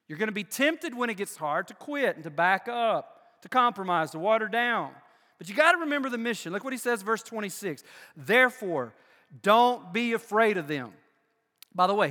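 An older male pastor preaches with a high, bright, ringing voice. He moves between loud emphatic bursts and quiet, low-pitched asides. His words trail off into a long hall reverb. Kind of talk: sermon.

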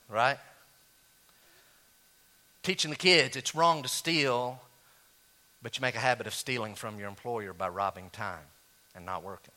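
A man preaching a sermon as pastor, animated, swinging from loud high exclamations down to low quiet asides. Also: unhurried, long pauses.

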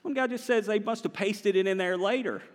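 Male pastor, higher voice, lively conversational sermon, long church reverb. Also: fairly quick. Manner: animated, conversational preaching with the congregation. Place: large church sanctuary.

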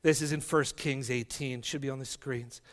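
A man preaching a sermon as a guest preacher, reading scripture dramatically and dropping to a hush for emphasis. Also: medium pitch, fairly even intonation, normal speed. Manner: dramatic scripture reading, swinging from loud to hushed. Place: church sanctuary. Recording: long church reverb.

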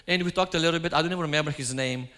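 A man's voice: fairly high pitch, very fast, pushed and bright. A man giving a sermon, telling stories and acting out his own quoted lines. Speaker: preacher. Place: church. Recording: hall reverb.

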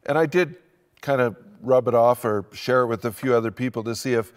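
A man's voice: mid-range voice, fairly quick. An older man preaching an earnest sermon as pastor, building his emphasis as he speaks. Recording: long hall reverb.

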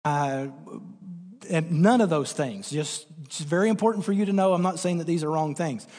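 A man preaching a sermon, earnest and emphatic, repeating key words and pausing on fillers as he explains a verse. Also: a little high, a little mellow, big-room sound. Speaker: pastor.

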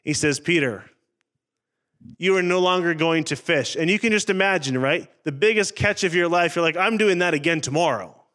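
A man with a rather high voice preaches to his church congregation. He talks earnestly and conversationally, with dramatic pauses. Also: a bit bright. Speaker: pastor. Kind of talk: sermon.

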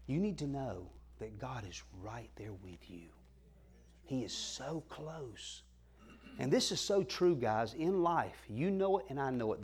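A middle-aged man preaching a sermon, moving between loud declarations and soft whispers. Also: medium pitch, slightly rough. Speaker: pastor.

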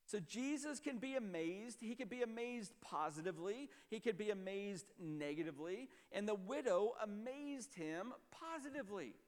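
A man preaching a sermon as a pastor, emphatic and explanatory, often dropping to a low, quiet voice. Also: expressive, normal speed, few pauses, big-room sound.

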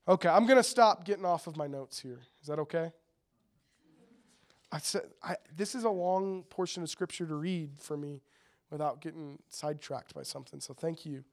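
A man preaching in a relaxed, chatty way, reading scripture aloud and breaking off for joking asides to his listeners. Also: a little high. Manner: chatty, jokey asides to the audience. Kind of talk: casual sermon with scripture reading.

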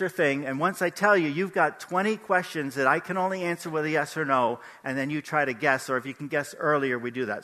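Older male pastor, chatty and animated, bright high voice in a reverberant hall. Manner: animated, conversational, asks the audience questions. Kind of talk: sermon.

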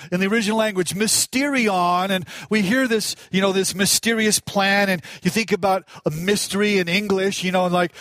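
A high-voiced, slightly bright middle-aged pastor delivers his sermon at normal speed, with no room sound in the recording. He speaks conversationally, jokes at his own expense, and shares a personal story full of emotion.

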